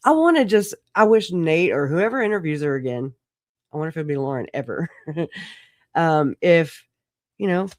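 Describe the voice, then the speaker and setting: A woman's voice: low voice, expressive, moderate pace, long pauses, a little mellow, no room sound, studio quality. A woman hosting a casual solo livestream, rambling through stories, swearing and laughing often. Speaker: livestream host.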